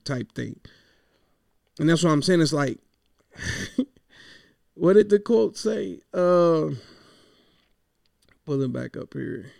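Gravelly, frustrated man venting. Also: fairly high pitch, expressive, takes it slowly, pauses often, a little mellow, no room sound, clean studio sound. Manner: frustrated, rambling, swears freely. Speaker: podcaster. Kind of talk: casual venting monologue.

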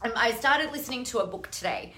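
A woman's voice: on the high side, sing-song, fast talker, pushed and bright. A middle-aged woman coach talking casually on a live stream, chatty and rambling, with some casual swearing. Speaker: online business coach.

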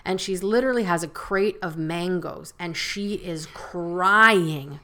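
A woman from Canada, a podcast guest telling stories in an animated, casual way. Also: on the low side, unhurried, few pauses. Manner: animated storyteller. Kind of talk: casual chat.

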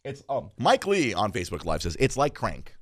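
Animated, crude-talking male podcast host. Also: lowish voice, normal speed, no room sound. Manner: animated, crude, laughing, shouts quoted lines. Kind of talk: casual chat.

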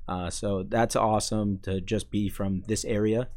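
A young man from Chicago who grew up in Maine, chatting casually as an interview guest, full of fillers and restarts and quick to laugh. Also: lowish voice, steady tone, a little mellow. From Chicago, raised in Maine. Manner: halting, many fillers and restarts, laughs easily. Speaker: sports information staff, podcast guest.

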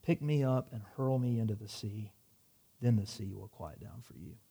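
A man's voice: lowish voice, moderate pace, gravelly, dark tone, slightly rough. A man preaching a sermon, reading scripture dramatically and dropping wry asides. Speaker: pastor.

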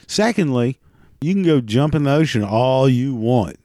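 A middle-aged man, ranting in a casual monologue, crude and profane, rambling with halting restarts. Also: mid-range voice, animated, mellow, no room sound, clean studio sound.

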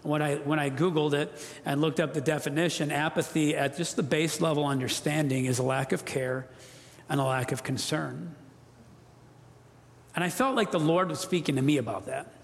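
A pastor preaches in earnest, pressing his points and having the room repeat key phrases. His voice sits fairly high for a man. The sound rings out with the long reverb of a church hall. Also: fairly even intonation, normal speed. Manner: earnest, emphatic, leads congregation call-and-response. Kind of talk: sermon. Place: church sanctuary.

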